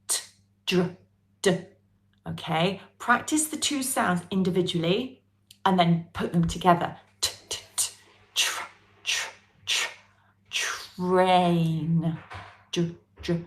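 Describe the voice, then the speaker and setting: A woman with a British English accent teaching a pronunciation class, coaxing her students and drilling sounds with careful repetition. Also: lowish voice. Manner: lively, coaxing, drills sounds slowly and repeats them. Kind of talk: live online pronunciation lesson.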